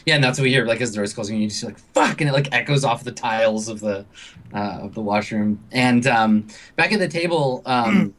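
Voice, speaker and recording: A man narrating as game master in a tabletop role-playing game, halting often with ums and uhs. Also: medium pitch, a bit bright.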